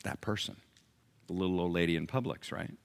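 A man's voice: low-pitched, a little fast, creaky. A male pastor preaching a sermon, telling stories dramatically, acting out voices and asking the congregation questions.

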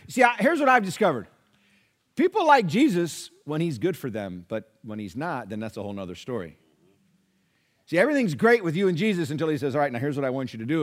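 Animated preacher with a higher voice. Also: male voice. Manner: dynamic preaching, swings between loud and hushed; conversational, acts out listeners' replies. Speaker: pastor. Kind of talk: sermon.

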